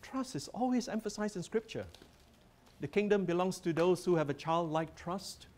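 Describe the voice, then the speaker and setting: A man's voice: sits high, lively intonation, moderate pace, darkish tone. A man presenting a teaching workshop as a professor, earnest and emphatic as he guides listeners through slides.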